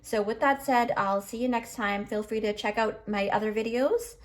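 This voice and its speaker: A woman's voice: a little high, moderate pace. A woman giving a pick-a-card tarot reading in a chatty, emotional way, full of fillers, and choked up. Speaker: tarot reader.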